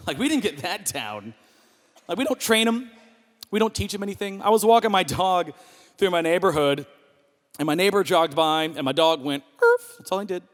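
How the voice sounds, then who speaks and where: Animated high-voiced man doing stand-up. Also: moderate pace. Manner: animated storyteller, jumps into high voices for characters. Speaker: stand-up comedian. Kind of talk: stand-up comedy set. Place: comedy club stage with live audience. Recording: long reverb of a hall.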